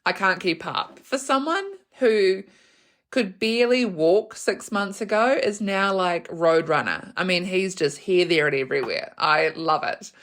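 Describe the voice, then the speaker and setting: A woman with a New Zealand accent hosting a podcast, telling a funny story in a casual, animated way, laughing often and acting out what people said. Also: lowish voice, a little slow. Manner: animated, laughs often, acts out quoted voices. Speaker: podcast host.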